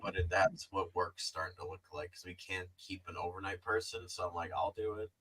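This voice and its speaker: A man's voice: deep voice, fairly even intonation, brisk, sharp tone, breathy edge, low-quality recording. A man on a podcast panel, telling stories animatedly in casual chat and swearing freely.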